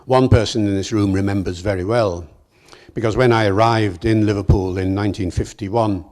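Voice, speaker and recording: A man's voice: fairly low pitch, normal speed. Older man giving a lecture. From Wales. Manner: lively, anecdotal, chuckling. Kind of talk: public lecture. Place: lecture hall.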